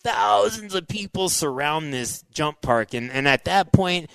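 A middle-aged man, a former motocross racer, telling animated stories as an interview guest, full of "like" and "dude" and acting out his own past thoughts. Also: fairly high pitch, measured pace, clear, resonant tone, no room sound, poor audio. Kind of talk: animated storytelling in casual interview.

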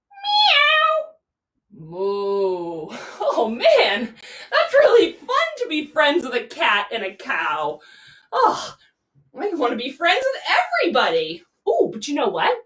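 A woman leads a children's yoga class in a playful, sing-song way, speaking right to the kids. Her voice sits high and swoops all over. She sounds a little distant in an echoey room. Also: a bit bright. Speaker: kids' yoga teacher. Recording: roomy echo, mic far off.

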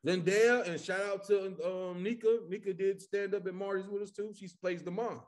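A man from Chicago, a comedian guest, telling stories in casual podcast chat, animated and full of cursing. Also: sits high, normal speed. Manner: animated, profane storytelling.

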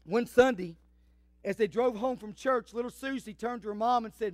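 A male pastor preaching an impassioned sermon that swells into shouting. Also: extremely high pitch, moderate pace, dry recording.

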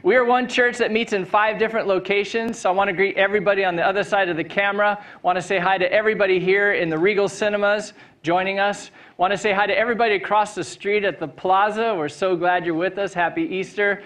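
A pastor with a fairly high, light voice delivers an Easter sermon from a church stage. His talk is friendly and upbeat, and he laughs easily through a personal anecdote. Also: steady tone, quick pace, few pauses, a bit bright. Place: church stage before a live congregation.

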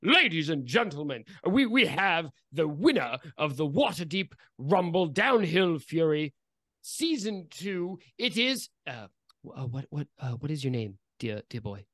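A man's voice: on the high side, big pitch swings, a little slow, fairly bright tone, no room sound, clean studio sound, full character voice. A man voicing a pompous mustached male race official who announces grandly and stumbles over his words. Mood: grandiose.

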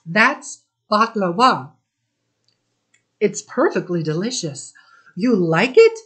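A woman reading the part of an eager, excited boy from an immigrant family. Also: medium pitch, slow.

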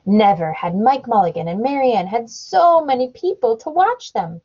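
A mother reads a picture book aloud to her child at home, with a husky, breathy voice. Her delivery is lively, with her pitch rising and falling a lot. The recording is dull and lo-fi. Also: moderate pace. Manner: animated storybook reading with sound effects. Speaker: parent reading to her child.

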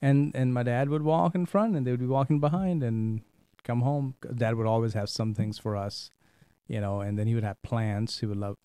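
A middle-aged man from India, hosting a talk show and telling stories in a casual, animated way, often repeating words. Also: mid-range voice, moderate pace, clear, resonant tone, no echo. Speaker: host. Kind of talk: casual storytelling chat.

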